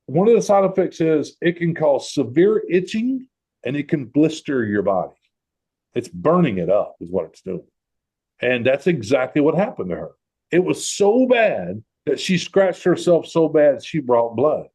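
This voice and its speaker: Animated storytelling man. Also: fairly high pitch, moderate pace, slightly rough. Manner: animated, acts out quoted voices. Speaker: host. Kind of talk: casual storytelling to a group.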